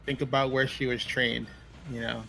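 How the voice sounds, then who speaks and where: A man's voice: medium pitch, flat delivery, moderate pace, vocal fry, a bit bright, soft background music. A man playing a tabletop game, describing his character's actions hesitantly while he thinks aloud. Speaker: player. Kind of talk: tabletop role-play.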